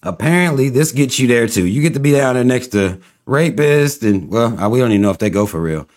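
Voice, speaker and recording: A man's voice: medium pitch, lively intonation, fairly quick, a little mellow. Laughing man riffing on a livestream. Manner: laughs often, loose, mocking and rambling. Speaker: livestream host reading viewer comments. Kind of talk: casual livestream chat.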